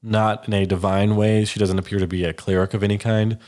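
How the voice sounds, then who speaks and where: A man's voice: lowish voice, flat delivery, a little fast, darkish tone. A man narrating a tabletop game as game master, describing scenes casually with many "um"s and "like"s.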